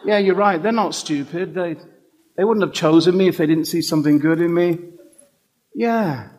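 A man's voice: on the high side, normal speed, darkish tone, close to an everyday voice. A man putting on the voice of an anxious young woman who keeps agreeing and grows elated about her new job. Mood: agreeable. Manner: eager, repeats herself, gushing.

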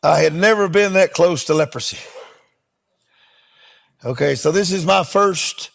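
A middle-aged man, a preacher telling a testimony in a sermon with animated, emphatic delivery. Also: fairly high pitch, unhurried, creaky, pauses often. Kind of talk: sermon storytelling.

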